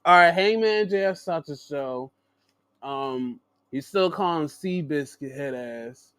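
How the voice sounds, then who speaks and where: A man's voice: fairly high pitch, slow, clear, resonant tone. A young man hosting a casual wrestling recap, joking and swearing as he talks. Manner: animated, joking, swears and laughs a lot. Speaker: show host.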